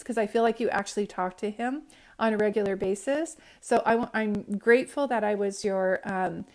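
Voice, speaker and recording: A woman giving a live-streamed psychic reading, talking in a chatty way, often close to tears and keeping on checking in with her listeners. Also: a little high. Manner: emotional, near tears at times. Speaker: psychic medium. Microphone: phone livestream.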